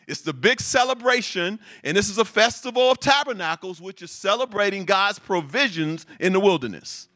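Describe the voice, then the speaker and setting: Male preacher, high-ish bright voice, slow deliberate delivery. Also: no room sound, clean studio sound. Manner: lively preaching with repetition and call-and-response. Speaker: pastor. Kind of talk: sermon.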